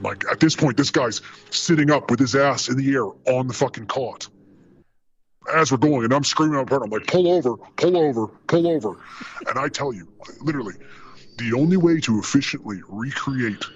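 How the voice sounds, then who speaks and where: A man telling a wild paramedic story in a casual, profane, animated way, acting out the quotes. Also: medium pitch, highs cut off, a little hiss or hum.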